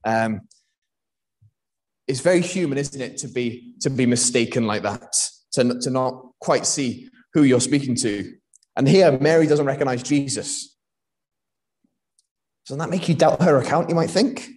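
A man's voice: mid-range voice, measured pace, long pauses, a little mellow. A young man from Wales preaching a sermon in a conversational way, with frequent fillers and restarts.

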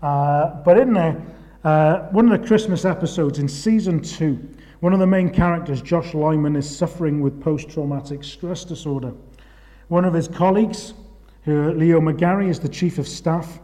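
A man preaching a sermon, swinging from loud urgent questions to hushed, slow phrases. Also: on the high side.

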